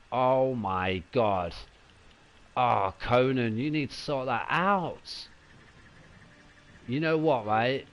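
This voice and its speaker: Chatty man streaming a game. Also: medium pitch. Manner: casual, chatty, excitable. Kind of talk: live gameplay commentary.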